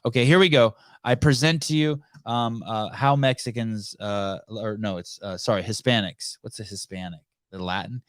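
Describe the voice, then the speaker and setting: This man hosts a podcast in a loose, rambling way, swearing freely and laughing often. His voice sits fairly low. The sound is dry and close, with no room echo. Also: steady tone, fairly bright tone. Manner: rambling, profane, quick to laugh. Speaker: podcast host. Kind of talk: casual live-stream chat.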